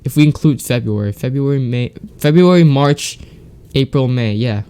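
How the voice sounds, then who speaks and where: Teen male podcast host, congested, rambling, filler-heavy, mid-pitched. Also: moderate pace, dark tone, clear, resonant tone. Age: teens. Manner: rambling, many fillers and restarts. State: congested from a sore throat. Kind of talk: casual solo chat. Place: home, alone.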